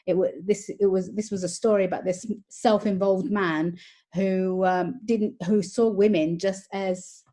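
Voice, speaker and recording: A woman film critic in a casual review chat, giving frank opinions in a halting way. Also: mid-range voice, fairly even intonation, dark tone.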